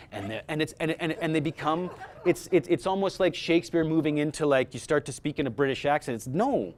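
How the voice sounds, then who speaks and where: A man speaking informally to a workshop audience about voice-over casting, animated, with frequent restarts and repeated words. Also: on the high side, a little fast, few pauses, slight background noise.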